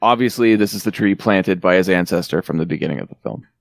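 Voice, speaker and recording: A man's voice: deep voice, fast, vocal fry, no echo, clean studio sound. A man hosting a podcast, casually recapping a movie with wry, laughing asides. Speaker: podcast host recapping a film. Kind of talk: casual chat.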